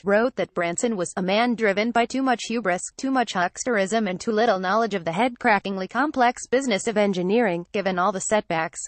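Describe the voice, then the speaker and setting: A woman reading a news feature in a measured, scripted narration, reading quoted lines in the same even voice. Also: medium pitch, dry recording. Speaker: news reader.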